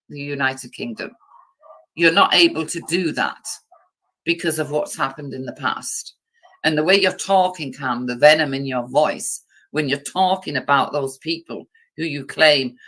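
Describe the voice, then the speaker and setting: A woman's voice: low voice, a bit bright. A woman hosting a livestream, ranting bluntly with profanity and rhetorical questions. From Britain. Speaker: livestream host. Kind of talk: livestream political rant.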